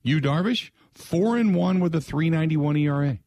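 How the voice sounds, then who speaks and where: A man's voice: on the high side, animated, moderate pace, warm tone. An older man hosting a sports talk radio show, talking in a loose, rambling, conversational way and repeating the call-in number. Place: radio studio. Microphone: close studio mic.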